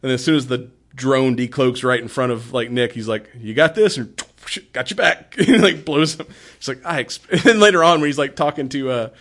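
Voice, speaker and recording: A man's voice: medium pitch, a little fast, a bit bright. A man in casual podcast chat, retelling movie scenes with quoted lines, laughing often and swearing freely.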